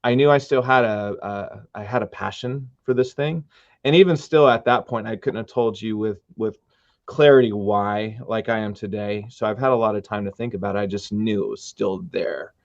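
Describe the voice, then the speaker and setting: A middle-aged man, a musician guest, telling his story with earnest, animated retellings in a casual interview. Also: fairly low pitch, normal speed, no echo. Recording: dull dry sound.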